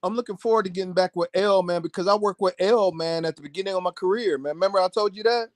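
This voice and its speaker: A man with a high voice tells music business stories on a video call. He talks casually and animatedly, slipping into other people's voices and tossing in "man" at every turn. The sound is dry and close. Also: quick pace, no room sound. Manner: animated, acts out quoted voices, says "man" constantly. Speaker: music producer guest. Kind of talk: casual storytelling chat.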